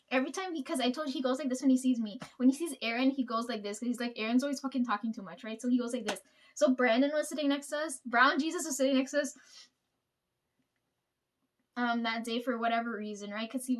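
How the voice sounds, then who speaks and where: High-voiced woman telling a rambling story. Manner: rambling, profane, laughs often. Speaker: vlogger. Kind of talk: casual storytelling.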